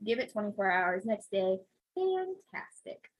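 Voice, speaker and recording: A woman's voice: medium pitch, normal speed, fairly bright tone, husky, low-quality recording. A woman who works as a physical therapist, animatedly telling a story in casual chat, acting out the voices and laughing often.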